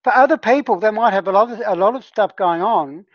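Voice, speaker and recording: A woman's voice: mid-range voice, a little fast, no room sound. Woman, plant medicine facilitator, casual teaching talk, earnest, on a dull lo-fi call line. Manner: earnest, conversational, often checks in with "right?". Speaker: plant medicine healer leading a discussion group.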